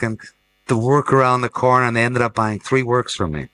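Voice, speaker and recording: Bright-voiced man telling fair stories. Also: medium pitch, steady tone, moderate pace, rough recording. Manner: anecdotal, restarts and laughs while telling stories. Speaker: art fair director. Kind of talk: casual panel conversation. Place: fair talk stage.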